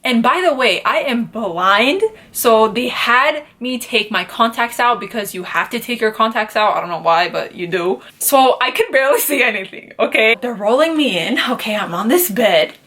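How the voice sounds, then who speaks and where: A young woman tells a personal story to her camera in a casual vlog. Her voice sits a little high, and she talks in an animated, chatty way, full of fillers like "like" and "literally". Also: normal speed, hardly any pauses. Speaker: beauty vlogger.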